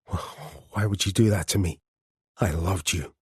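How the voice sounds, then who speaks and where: A man voicing a grieving man confronting his former partner, tearful, rasping and broken. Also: sits low, unhurried, a little mellow, no echo, studio quality, full character voice. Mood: tearful anger.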